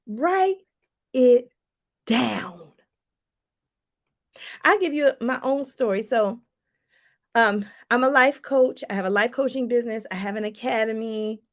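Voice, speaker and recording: A woman with a high, bright voice coaches her viewers in an animated, preachy way. She keeps addressing them as y'all. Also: moderate pace. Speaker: life coach. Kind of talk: motivational livestream talk.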